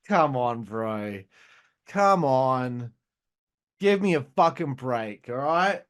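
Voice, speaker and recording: A man's voice: mid-range voice, animated, extremely slow, pauses often, fairly bright tone. A man hosting a casual wrestling review who rambles, swears a lot and laughs at his own jokes. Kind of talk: casual profane video review.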